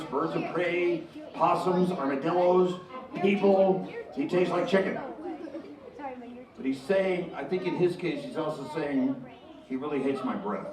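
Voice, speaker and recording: Male stand-up comic with a snake act, slightly high voice, jokey storyteller, recorded from a distance in a roomy hall. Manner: jokey storyteller, chuckles at own punchlines. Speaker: comedian and snake handler. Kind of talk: stand-up comedy with live snake. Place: live show before an audience. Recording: echoey room from far off. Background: audience.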